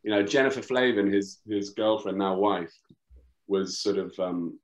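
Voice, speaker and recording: A man's voice: lowish voice, measured pace, lo-fi sound, a little hiss or hum. A British man, a podcast guest, telling showbiz stories as a raconteur who acts out the quotes. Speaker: guest director. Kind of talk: casual storytelling chat.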